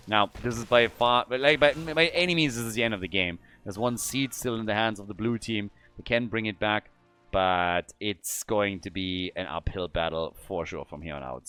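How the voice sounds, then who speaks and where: A man casting a live esports match with animated play-by-play commentary and casual fillers. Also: fairly low pitch. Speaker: esports caster.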